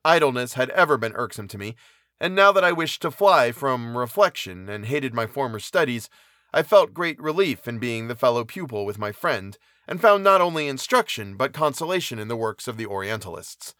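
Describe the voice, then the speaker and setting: A man reading a classic novel aloud in a measured, even narration. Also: medium pitch, dry recording, clean studio sound. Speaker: audiobook reader.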